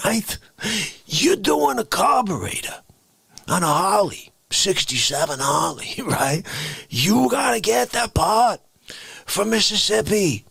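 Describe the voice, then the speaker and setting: A man putting on a raspy, indignant ranting character who grills people, bursting into shouts. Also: high voice, no room sound, pitched above the performer's own voice, exaggerated voice. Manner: shouting outbursts, mock-interrogating, rambling hypotheticals. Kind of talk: comedic character rant on a livestream.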